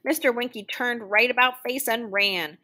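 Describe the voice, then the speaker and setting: A woman reading a children's story aloud, animated and playing out the noises. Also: fairly high pitch, normal speed. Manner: animated, sound-effect voices for noises. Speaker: children's book reader.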